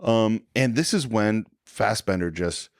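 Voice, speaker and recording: A man's voice: fairly low pitch, animated, a little slow, dry recording, clean studio sound. A man co-hosting a podcast in casual chat, retelling film scenes and slipping into the characters' lines. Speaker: podcast co-host.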